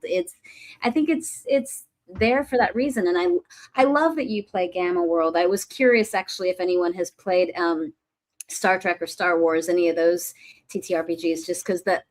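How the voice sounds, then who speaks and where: A woman who mentions her acting teacher, a guest on a livestream, talking in an enthusiastic and gushing way. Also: on the low side. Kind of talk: casual chat.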